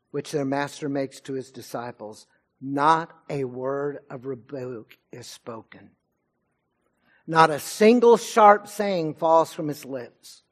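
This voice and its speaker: A male pastor delivering a sermon in a fairly high voice. He speaks slowly and deliberately, letting his intensity swell and then drop back down. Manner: preaching with rising and falling intensity.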